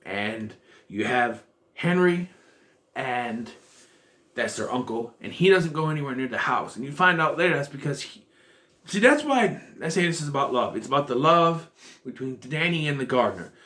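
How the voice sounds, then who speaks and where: A man's voice: medium pitch, animated, moderate pace, sharp tone. A man giving a casual spoken review of a show, rambling and thinking aloud as he restarts his sentences.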